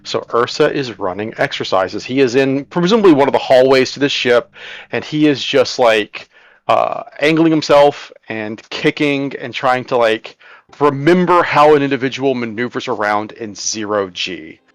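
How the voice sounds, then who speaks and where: A man's voice: medium pitch, animated, normal speed, dry recording. A man describing his character's actions in an online tabletop game. His voice sounds dry and close, with no room around it, and he talks loosely, tripping over and playfully repeating his words. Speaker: player.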